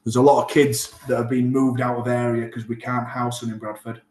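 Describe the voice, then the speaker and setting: A man's voice: mid-range voice, a little fast. A man, a rugby player chatting as an interview guest and acting out conversations as he tells stories. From Northern England. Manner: animated storyteller, acts out quoted exchanges. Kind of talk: casual interview chat. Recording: echoey room.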